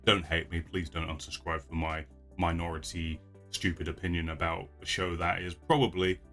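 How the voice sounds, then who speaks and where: A man's voice: sits low, little pitch movement, normal speed, a bit bright, soft background music. A man vlogging casually to his viewers, rambling with frequent restarts and laughs. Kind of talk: casual chat.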